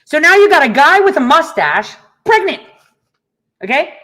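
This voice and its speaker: Hosting a talk show, this middle-aged woman speaks in a high-pitched, very animated voice with a fairly bright tone and a moderate pace. Her casual monologue to listeners is full of stories, blunt rants, frequent profanity and laughter.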